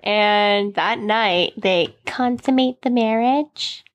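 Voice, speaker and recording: A young woman guest casually recapping a movie plot, animatedly acting out the characters' lines in quick voices. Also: medium pitch. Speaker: podcast guest.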